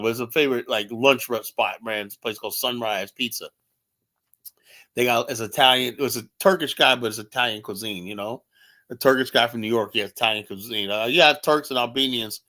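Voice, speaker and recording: A man hosting an online talk show, ranting in casual commentary and acting out the lines he quotes in his stories. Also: medium pitch. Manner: animated storytelling, acts out quoted lines. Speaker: podcast host.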